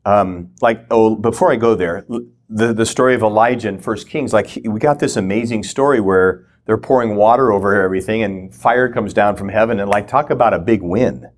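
A man's voice: fairly low pitch, fairly quick. A man giving a conversational teaching talk, often acting out short prayers and inner thoughts. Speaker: guest teacher.

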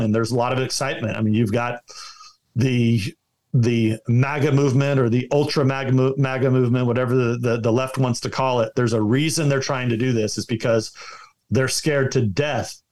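A man's voice: medium pitch, steady tone, normal speed, a little mellow. A man talking as a guest in an interview, giving emphatic partisan commentary full of restarts and repeated words. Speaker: political guest.

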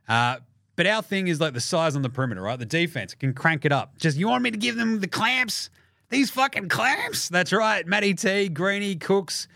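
A young Australian man hosting a basketball podcast, talking casually with lots of swearing and jokes, often mimicking people in quick put-on voices. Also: medium pitch, a bit bright, no echo, studio quality. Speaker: podcast host. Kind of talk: casual sports podcast monologue.

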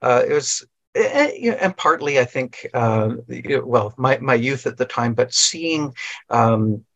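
A man talking as a podcast guest in casual conversation, rambling and halting and often restarting his sentences. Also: medium pitch, animated, fairly bright tone, highs cut off.

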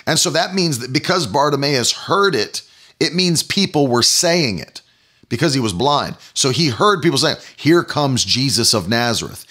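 A man preaching a sermon, emphatic, building to loud exclamations on key phrases. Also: fairly high pitch, expressive, normal speed.

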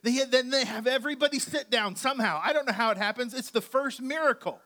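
Male pastor with a high, bright voice, preaching in a loose, joking, chatty way. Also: fast talker. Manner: chatty, joking asides to the congregation. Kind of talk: conversational sermon.

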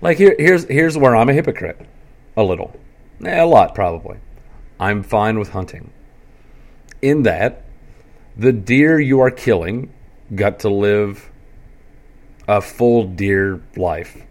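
A man with a fairly low voice hosts his own podcast in a loose solo monologue. He rambles, swears freely and piles on sarcastic jokes, stumbling over plenty of fillers and restarts along the way. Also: animated, slow pace, pauses often, darkish tone. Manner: rambling, sarcastic, crude humor with many fillers. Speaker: podcast host. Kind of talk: casual profane monologue.

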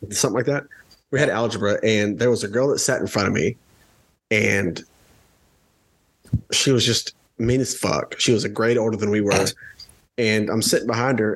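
Casting note: young man from Mississippi, husky voice, quick teasing banter with plenty of swearing. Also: lowish voice. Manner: joking, teasing, profane. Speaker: podcast co-host. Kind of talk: casual banter.

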